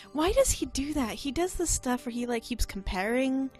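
A young woman chatting casually while playing a game, giggling often and reacting loudly, with some swearing. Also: high voice, lively intonation, normal speed, faint music behind. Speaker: game streamer. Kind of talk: casual gameplay commentary.

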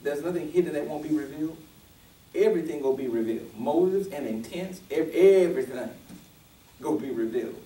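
A man's voice: fairly high pitch, fast, dark tone, roomy sound, recorded from a distance, rough recording. A male pastor preaching a sermon, restarting often and building to emphatic, rising peaks.

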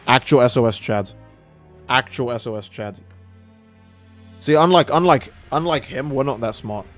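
Streaming a game live, a young man chats casually and reads out donations, laid-back and profane. When he gets excited his voice jumps high.

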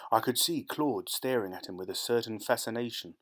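A man narrating a short story in a measured, deliberate audiobook reading. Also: medium pitch.

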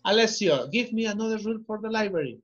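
A patient male teacher talks slowly to young learners and repeats each prompt to coax answers. His voice is a little husky and the sound is muffled, like lo-fi call audio. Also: high voice, expressive, a bit bright. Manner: slow, repeating prompts, coaxing. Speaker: English teacher. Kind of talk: online class teaching children.

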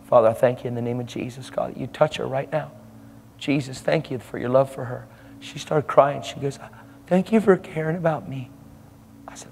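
A man's voice: mid-range voice, moderate pace, vocal fry, a little mellow, slight background noise. A man preaching a sermon, telling a story and acting out the people in it. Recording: live hall with long reverb and faint ambience.

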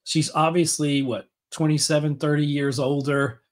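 A man's voice: a little high, little pitch movement, normal speed. A man hosting a podcast, talking in a rambling, enthusiastic way with many fillers and restarts. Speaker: podcast host. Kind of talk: casual chat.

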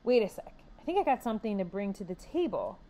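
A woman's voice: mid-range voice, very animated, dark tone, lightly acted. A woman voicing a thoughtful, somewhat hesitant teenage boy in a read-aloud story. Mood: earnest. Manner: hesitant, measured.

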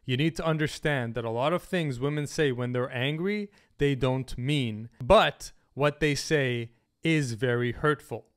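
A man's voice: mid-range voice, unhurried. A man giving dating advice straight to camera, blunt and emphatic, swearing freely. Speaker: dating coach. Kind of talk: direct-to-camera advice monologue.

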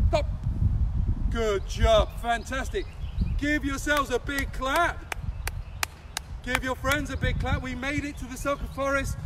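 A man coaching young children through a playful movement game, animated and full of sound effects. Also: very high voice, measured pace, long pauses, noisy background. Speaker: kids' soccer coach.

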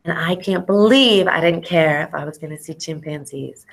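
A middle-aged woman, an ethnobotanist, telling lively stories to students in an animated educational talk over a video call. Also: deep voice, moderate pace, vocal fry, few pauses. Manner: animated storyteller, exclamations and acted-out quotes; casual, says y'all.

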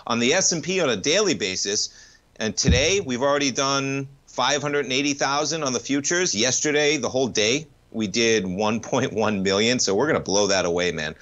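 A man's voice: mid-range voice, normal speed. Chummy, upbeat man hosting market radio. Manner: energetic, chummy, calls caller "man" and "baby". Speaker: radio market show host. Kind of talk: live call-in market talk.

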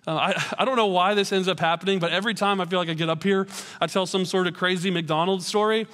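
A man's voice: high voice, steady tone, fast, a bit bright. A man, a pastor in his thirties, giving a sermon in a church auditorium and telling stories with self-deprecating humor. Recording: long hall reverb.

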